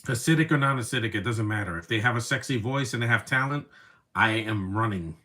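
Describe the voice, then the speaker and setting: A man's voice: mid-range voice, a little fast, pushed and bright. A man giving casual live commentary over a movie, rambling from one opinionated aside to the next.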